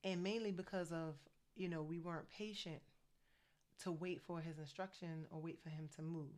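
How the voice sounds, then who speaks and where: Fired-up woman from New Jersey. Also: low-pitched. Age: 40s. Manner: fast, excited, conversational. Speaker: faith and fitness coach. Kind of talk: energetic motivational vlog.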